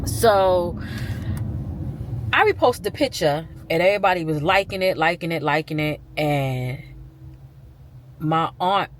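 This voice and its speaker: A woman in her forties tells a personal story in a candid, chatty way, often tossing in little asides to the viewer. Her pitch moves up and down a lot. A steady hum of background noise, like a car, sits under her voice. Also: unhurried, pauses often. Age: 40s. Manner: conversational, frequent "you know" and "right?" asides. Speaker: vlogger.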